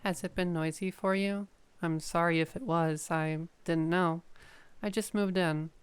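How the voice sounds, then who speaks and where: Brief: soft-spoken friendly young neighbor woman, played by a woman, low voice and very clean tone. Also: steady tone, a little slow, clear, resonant tone, no room sound, lightly acted.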